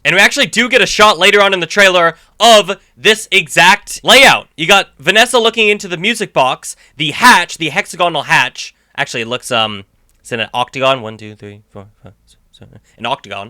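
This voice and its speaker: Man, YouTube host, trailer breakdown commentary, very bright sharp voice, chatty and eager. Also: high-pitched. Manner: chatty and enthusiastic, thinking aloud.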